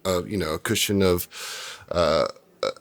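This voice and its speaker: Male game master, low voice, loose and chatty narration. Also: moderate pace, vocal fry. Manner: relaxed storyteller with many fillers.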